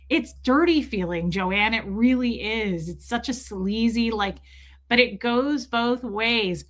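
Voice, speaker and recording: A woman's voice: a little high, bright, forceful tone. A woman hosting a casual livestream, candidly chatting and reading viewer comments aloud. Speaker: livestream host reading chat.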